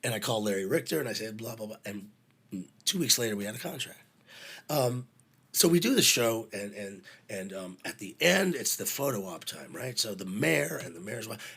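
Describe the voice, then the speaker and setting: A middle-aged man telling backstage stories in a casual, animated way, swearing freely and using lots of fillers. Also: fairly low pitch, normal speed, vocal fry, breathy edge. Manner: animated, profane, full of fillers. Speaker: podcast guest, venue manager. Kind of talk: casual anecdotal storytelling.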